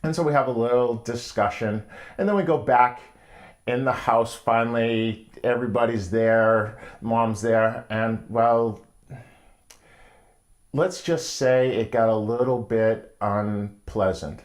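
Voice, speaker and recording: A middle-aged man hosting his own show, telling a story in a wry, casual monologue with frequent pauses. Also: medium pitch, fairly even intonation. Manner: wry, storytelling, pausing often. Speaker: host.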